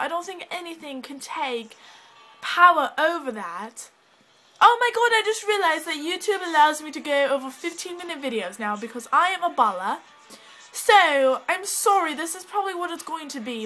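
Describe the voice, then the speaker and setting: High bright bubbly woman in a put-on English accent. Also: low-quality recording. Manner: bubbly, scattered, giggly, self-interrupting. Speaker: vlogger. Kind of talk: rambling casual vlog talk. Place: at home indoors, with a cat.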